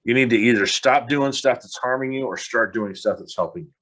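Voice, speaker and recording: A man's voice: medium pitch, fairly quick, a bit bright. A middle-aged man hosting a podcast, talking bluntly in a frustrated monologue and swearing casually. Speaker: podcast host.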